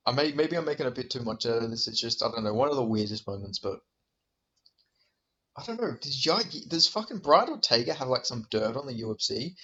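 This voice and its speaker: A man's voice: mid-range voice, expressive, a little fast, a bit bright, dull audio, a little hiss or hum. A man ranting in a vlog about fighters, heated, profane and exasperated, firing off rhetorical questions. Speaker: MMA commentator.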